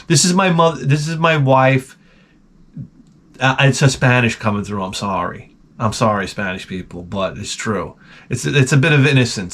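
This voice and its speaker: A man hosting his channel, telling rambling comic stories full of swearing and muttered asides. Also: medium pitch. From United States. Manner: profane, animated, drops to mutters for asides. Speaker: channel host. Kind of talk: rambling comedic storytelling.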